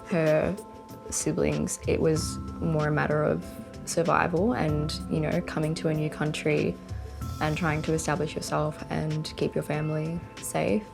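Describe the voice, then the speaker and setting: Young woman, low and creaky, speaking candidly with fillers over soft music. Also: flat delivery, a little slow. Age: young adult. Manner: reflective, many "like" and "um" fillers. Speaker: interviewee. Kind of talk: candid testimonial.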